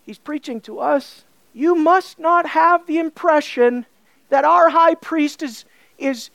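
A woman with a high voice preaches a sermon, pressing her points with rhetorical questions and repeated phrases. The sound is dry and close, with no room around her. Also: dry recording. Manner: emphatic, rhetorical questions, building repetition.

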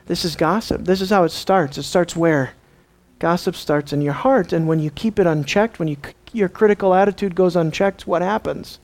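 A man's voice: high-pitched, normal speed, darkish tone. A man pastor preaching a sermon, dramatic, asking the congregation rhetorical questions and acting out the people in the story.

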